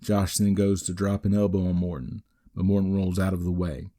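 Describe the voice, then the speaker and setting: A man with a low, mellow voice hosts a wrestling podcast. He recaps the matches move by move in a steady, matter-of-fact way and drops the odd dry aside. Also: a little fast. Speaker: podcast host. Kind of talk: recapping a wrestling event play by play.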